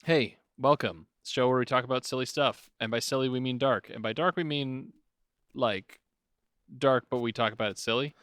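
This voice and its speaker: A man's voice: mid-range voice, steady tone, moderate pace, fairly bright tone, dry recording, studio quality. A man co-hosting a podcast in casual comedic chat, joking and playful and laughing often. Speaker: podcast co-host.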